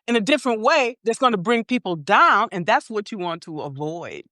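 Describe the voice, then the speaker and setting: A woman's voice: medium pitch, lively intonation, fairly quick, sharp tone, no echo, studio quality. A woman hosting a podcast interview in casual chat, checking in with her guest with a frequent "okay?" as she explains. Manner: peppers talk with "okay?". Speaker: podcast host.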